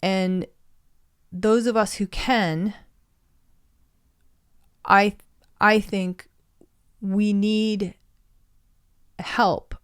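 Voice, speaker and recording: A woman's voice: mid-range voice, clear, resonant tone. A woman casually retelling an old myth and reflecting on why stories matter, in a thoughtful way. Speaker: storyteller. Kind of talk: reflective storytelling monologue.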